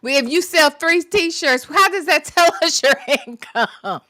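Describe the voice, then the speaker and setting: A woman's voice: very high voice, animated, measured pace, pushed and bright, no room sound. A woman hosting a casual livestream chat, laughing constantly and throwing in short reactions. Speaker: host.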